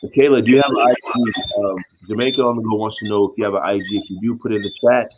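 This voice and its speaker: A man hosting a casual live stream, reading out chat comments and chatting with a guest in an animated way that repeats itself. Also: on the low side, fast talker. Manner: animated, repeats himself, asks viewers for help. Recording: loud background noise.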